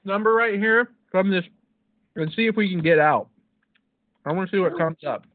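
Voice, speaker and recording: Man, podcast co-host, casual storytelling, constant swearing, slightly high voice, lo-fi phone-like audio. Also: normal speed. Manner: rambling, swears constantly, laughs at own jokes.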